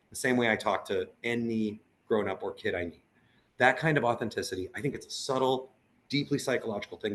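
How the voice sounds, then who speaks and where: A man who works as a puppeteer and teaching artist, talking earnestly in a casual video-call conversation and acting out voices as he tells stories. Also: medium pitch. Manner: earnest and animated, acts out quoted voices.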